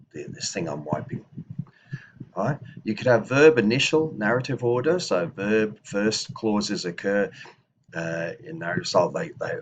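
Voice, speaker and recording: A man teaching a language lesson, thinking aloud with restarts and slowing down to spell out example phrases. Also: low-pitched, a bit bright, slight background noise. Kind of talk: explanatory lesson.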